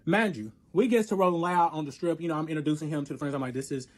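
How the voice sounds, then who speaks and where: Casting note: man with a high, quick voice, spilling a wild story with lots of swearing. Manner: animated, profane, acts out both sides of arguments. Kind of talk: casual storytelling.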